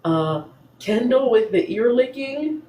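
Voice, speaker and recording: A young woman hosting a casual recap podcast, sassy and animated, laughing often as she talks. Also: fairly high pitch, takes it slowly, echoey room, slight background noise. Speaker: podcast host.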